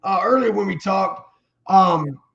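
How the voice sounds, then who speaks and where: Gravelly high man, lo-fi, noisy. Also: measured pace, a bit bright. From Virginia. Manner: laid-back, slangy. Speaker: interviewer. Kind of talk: casual interview chat.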